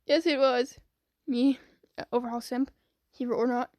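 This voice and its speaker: Woman, high voice, giggly, excitable, casual comment-reading vlog, dry close sound. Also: moderate pace, pauses often, dry recording. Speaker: video creator reading comments.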